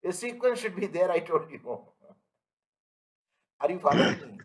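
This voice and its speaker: A man's voice: high-pitched, lively intonation, normal speed, low-quality recording. A man teaching an online class, repeating his points and asking students if they follow. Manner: everyday analogies, emphatic. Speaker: lecturer.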